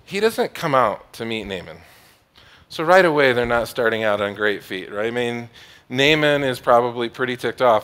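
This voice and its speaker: Casual joking preacher. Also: male voice, mid-range voice, expressive, moderate pace, fairly bright tone, clean tone. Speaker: pastor. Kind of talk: sermon.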